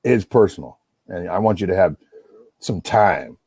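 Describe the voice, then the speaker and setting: Middle-aged man, low dark husky voice, rambling and profane, dry sound. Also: animated, moderate pace, no room sound. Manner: rambling, profane, talks over himself. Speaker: livestream host on a phone call. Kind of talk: rambling casual monologue.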